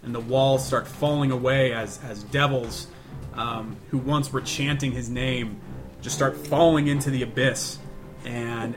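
Stammering man narrating his character. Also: mid-range voice. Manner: stammering, many restarts. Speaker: player.

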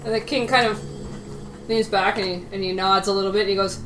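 A woman narrating a tabletop game in a quick, chatty way. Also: medium pitch, steady tone, fairly bright tone. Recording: echoey room with faint noise.

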